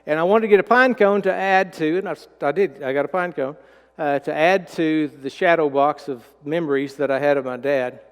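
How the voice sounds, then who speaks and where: Folksy pastor in a reverberant sanctuary. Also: male voice, fairly high pitch, brisk, clean tone. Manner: folksy, storytelling, drops to a hushed voice when emotional. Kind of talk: sermon. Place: church sanctuary.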